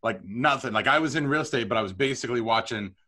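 A middle-aged man telling stories about his career as a podcast guest, chatty and animated with self-deprecating humor. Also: mid-range voice, quick pace. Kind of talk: storytelling interview.

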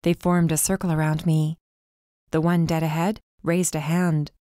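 A woman reading a first-person dark fantasy story as audiobook narrator, with tense, urgent delivery. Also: sits low, flat delivery, normal speed, dry recording, studio quality.

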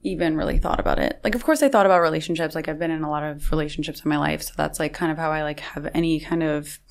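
A woman's voice: sits low, fast, creaky. A young woman talking as a podcast guest in a casual conversation, chatty and full of fillers.

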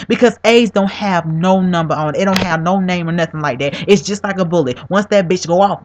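A man's voice: high-pitched, expressive, fairly quick. Man vlogger, heated profane rant, emphatic repeated questions. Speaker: video blogger. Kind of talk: angry video response rant. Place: home.

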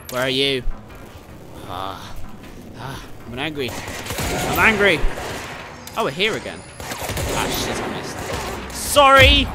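A young man commentating his gameplay casually, excitable, often swearing and yelling at enemies. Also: mid-range voice. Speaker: gameplay streamer.

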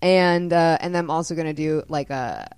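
A woman's voice: deep voice, normal speed, smooth, no echo. A woman playwright in her thirties talking in a casual interview, telling stories with lots of laughter and the odd swear. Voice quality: animated storyteller, laughs often, swears casually. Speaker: playwright guest.

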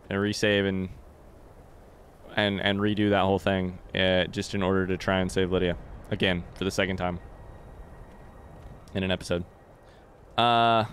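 This gamer's voice is lowish, clear and resonant as he delivers animated, casual play-by-play. He swears often and talks directly to the characters on screen.

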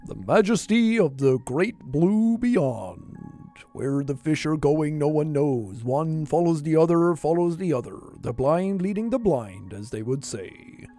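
A grandiose documentary narrator, put on by a man, pitched lower and drawn out, with a dark, mellow tone. Every phrase lands with mock-profound weight. Faint music hums behind. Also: sing-song. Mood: solemn. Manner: slow, dramatic, mock-profound.

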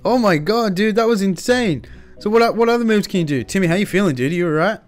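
A man hosting a game roleplay, hyped and exclaiming often with quick nervous laughs. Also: high voice, animated, faint music behind. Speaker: roleplay host and player. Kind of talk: excited Minecraft roleplay banter.

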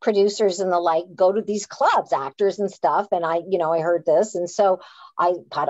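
A woman with a fairly low voice and moderate pace, an author and playwright from Canada, tells a casual story on a live chat. She's animated, self-deprecating, and prone to frequent restarts, all captured in a dull, dry recording.

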